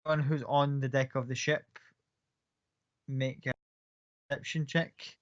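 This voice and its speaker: A man's voice: mid-range voice, flat delivery, a little slow, no room sound. A man narrates a tabletop game as its game master, in a loose, rambling way with fillers and the odd curse. The recording is dull and lo-fi, with a dry, close sound. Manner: casual, rambling with fillers and swearing.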